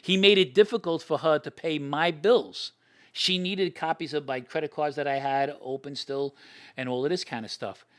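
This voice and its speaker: Give me an older New man telling stories on a podcast, animated and quick to act out what others said. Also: on the high side. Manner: animated, mimics others in quotes, restarts often. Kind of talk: casual storytelling.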